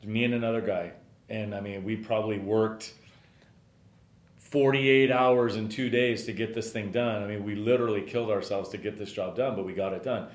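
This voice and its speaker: A middle-aged man with a fairly low voice talks through his memories as a podcast host. His storytelling is loose and rambling, full of filler words. The room has a noticeable echo. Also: steady tone, normal speed. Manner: rambling, frequent "you know" fillers. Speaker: podcast host and business owner. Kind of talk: casual storytelling. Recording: roomy echo.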